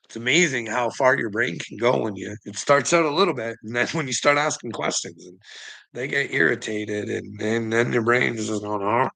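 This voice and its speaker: A man's voice: mid-range voice, moderate pace, vocal fry, pushed and bright, rough recording. A man in a casual, rambling monologue, swearing often and laughing between thoughts. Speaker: vlogger.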